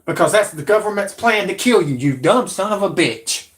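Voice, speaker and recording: A man in his forties with a drawl rants at his audience in a combative, profanity-laced monologue. His voice sits somewhat high for a man. He sounds like a channel host talking straight to camera. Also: lively intonation, moderate pace. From Alabama, USA. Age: 40s. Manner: profane, combative, shouting at viewers. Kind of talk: angry ranting monologue.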